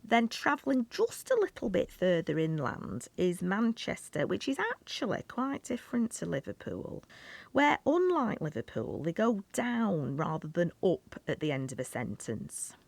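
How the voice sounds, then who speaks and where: A woman's voice: fairly low pitch, sing-song, a little slow, creaky, no echo. A woman giving scripted narration, lilting and explanatory, in a played clip. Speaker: narrator of a dialect video clip.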